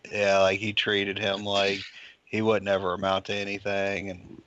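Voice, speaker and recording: A man's voice: lowish voice, completely flat delivery, moderate pace, noisy background. Chatty man on a muffled mic. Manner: chatty, laughs easily. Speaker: podcast co-host. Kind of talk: casual chat.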